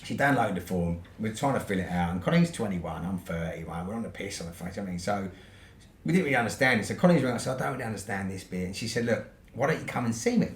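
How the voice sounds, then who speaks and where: British man telling a story, low voice. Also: expressive, fast. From United Kingdom. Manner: swears freely, ends points with "right?". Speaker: podcast guest. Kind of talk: casual storytelling. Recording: roomy echo with faint noise.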